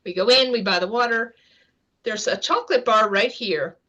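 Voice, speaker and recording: A woman's voice: a little high, normal speed. A woman guest on an interview show, vividly recounting a personal experience in a conversational storytelling manner. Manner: vivid, animated anecdote-telling with light laughter. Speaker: guest author.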